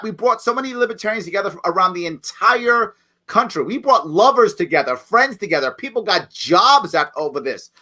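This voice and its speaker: A man's voice: high-pitched, bright, forceful tone. A man talking bluntly and emphatically as a candidate in an online question session over a video call. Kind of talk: lively campaign talk.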